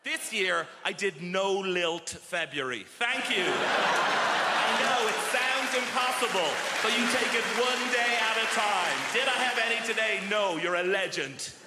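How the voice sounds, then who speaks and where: A man doing a stand-up comedy set on a theatre stage, animated and shouting his punchlines. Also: sits high, unhurried, heavy background noise. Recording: echoey theatre with loud crowd laughter.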